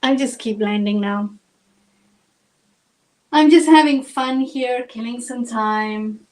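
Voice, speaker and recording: A woman's voice: a little high, takes it slowly, a little mellow, low-quality recording. A woman from South Africa with a South African accent, chatting through a live acrylic painting tutorial step by step. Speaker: painting instructor.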